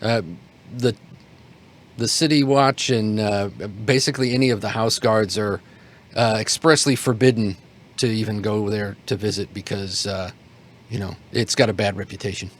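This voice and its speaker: Halting man running a tabletop game. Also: fairly low pitch, steady tone. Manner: rambling, halting, many fillers and restarts. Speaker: game master.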